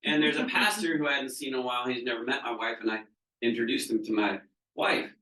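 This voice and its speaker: A man's voice: medium pitch, fairly even intonation, fast, pushed and bright. A man, a business coach, giving a conversational training talk to a group and checking in with the audience as he goes. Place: training seminar room. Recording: roomy room, mic at a distance.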